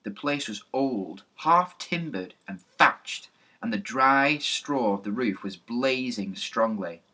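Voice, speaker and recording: A man reading a children's storybook aloud, narrating in a lively, even manner. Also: mid-range voice, slow pace. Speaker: reader.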